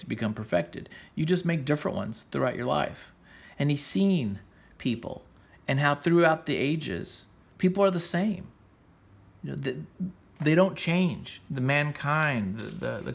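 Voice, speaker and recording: A man with a gravelly, rough-edged voice of middling pitch talks through a comic book story as a show host. He rambles eagerly, stops and restarts his sentences, and keeps circling back to how much he loves the story. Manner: enthusiastic and rambling, with frequent restarts. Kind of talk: casual spoken comic book recap.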